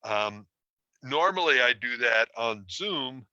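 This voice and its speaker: A man's voice: mid-range voice, lively intonation, takes it slowly, bright, forceful tone, no room sound, lo-fi sound. A man teaching an online relationship course, explaining in a conversational way with self-deprecating stories. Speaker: relationship coach. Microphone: streaming from a computer.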